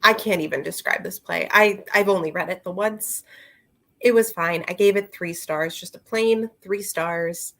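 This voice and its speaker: A woman's voice: lowish voice, normal speed, pushed and bright. A woman in a casual book review chat, rambling and chatty, with many fillers and asides, talking straight to her viewers. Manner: talks to her viewers and a friend directly.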